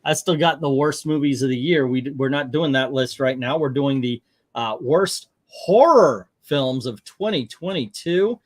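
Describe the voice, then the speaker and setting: A man's voice: medium pitch, moderate pace, no room sound. A middle-aged man hosting a casual movie chat, joking, rambling and emphatic. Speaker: host.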